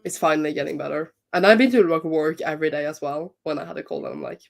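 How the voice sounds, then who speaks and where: A woman's voice: low voice, quick pace, creaky. A woman from Norway with a slight Norwegian accent, sounding stuffy from a cold, chatting and laughing on a livestream. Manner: chatty, laughs while talking. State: has a cold. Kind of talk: casual livestream chat.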